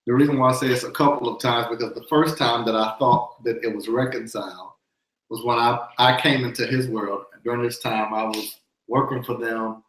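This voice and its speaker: A man's voice: mid-range voice, fairly even intonation, brisk, a bit bright, reverberant, rough recording. A man guest speaking thoughtfully and searching for words in a casual faith talk.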